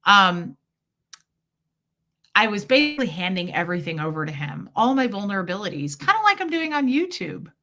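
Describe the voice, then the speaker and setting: A woman's voice: medium pitch, big pitch swings, moderate pace, pushed and bright. A woman hosting a casual livestream chat, talking candidly and telling a personal story with quoted voices. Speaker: livestream host. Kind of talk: casual chat with live viewers.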